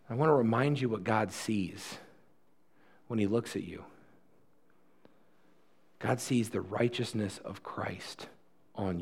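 A male pastor delivers a sermon in an earnest, conversational way. His voice sits at a middle pitch, and he often restarts phrases as he presses his point. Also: darkish tone.

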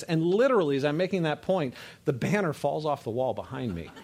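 A man preaching a sermon to a congregation, conversational and emphatic, dropping low and soft on key words and checking that listeners follow. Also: very animated, fairly quick, breathy edge. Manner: conversational, builds to emphatic rises, asks audience to follow; frequent fillers and restarts, drops low and soft on key words.

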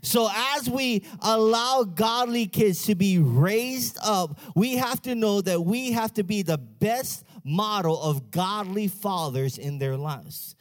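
Brisk man opening a sermon. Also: high voice, expressive. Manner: quick, casual, reads scripture aloud. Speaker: preacher.

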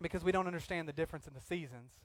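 A man preaching a sermon as pastor, swinging from loud acted outbursts to quiet earnest talk. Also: on the high side, racing, no echo.

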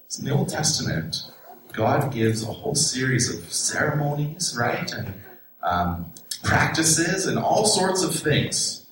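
A man's voice: on the low side, distant mic, noisy background. A man preaching a sermon as pastor, conversational and emphatic, calling his listeners "folks". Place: church sanctuary. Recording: very echoey church room, recorded from afar.

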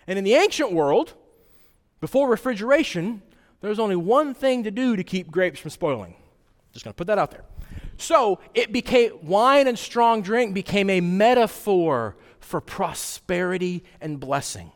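A pastor with a rather high-pitched voice delivers a sermon to his congregation, speaking in an easygoing, conversational manner and frequently tossing in quick rhetorical questions. A long reverb trails his words, suggesting a large church sanctuary.

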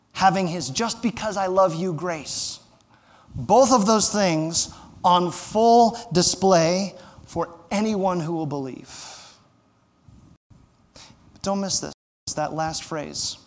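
A man's voice: high-pitched, long reverb tail. A man, a pastor, preaching a sermon in a conversational way, asking the listeners rhetorical questions and adding light humor.

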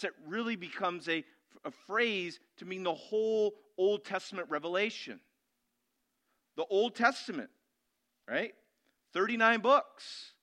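A man preaching a sermon as pastor, emphatic, putting questions to the congregation and answering them himself. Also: high-pitched. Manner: emphatic, rising to loud declarations.

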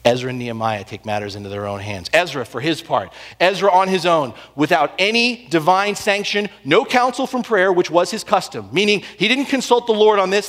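A man preaching a sermon, telling the story with animated swings between loud and hushed delivery. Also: high-pitched. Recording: long hall reverb.

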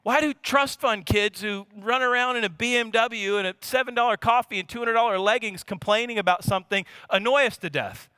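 A man in his thirties from Louisiana with a Louisiana accent, preaching a lively sermon as a pastor, full of repetition and rhetorical questions. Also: extremely high pitch, brisk, few pauses, clear, resonant tone, dry recording, studio quality.

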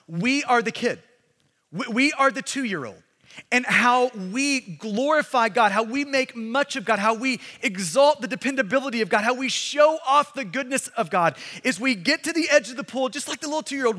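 In a big hall full of lingering echo, a pastor delivers his sermon. His voice is very high, and he repeats himself with growing emphasis until he's shouting.

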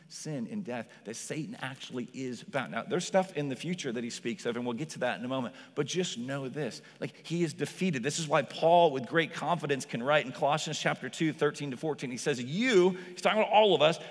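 A man preaching a sermon as pastor, in a conversational style full of "like", acting out quoted voices with lively shifts. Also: medium pitch, fairly quick, few pauses. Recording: long hall reverb.

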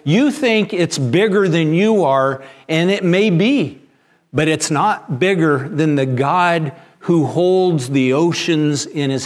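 A man pastor preaching a sermon, telling a story with frequent restarts and repeated words. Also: high-pitched.

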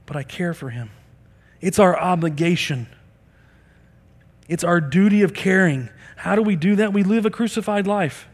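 A man's voice: sits high, moderate pace, big-room sound. A middle-aged man preaching a sermon as a pastor, earnest and conversational, acting out bits of dialogue.

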